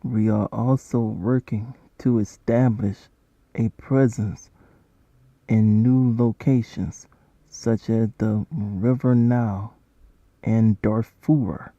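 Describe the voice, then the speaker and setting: A man speaking as an aid organization's spokesperson, giving a measured, formal prepared statement. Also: fairly low pitch, steady tone, warm tone, no echo. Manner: measured, deliberate. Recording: dull, lo-fi played-back clip.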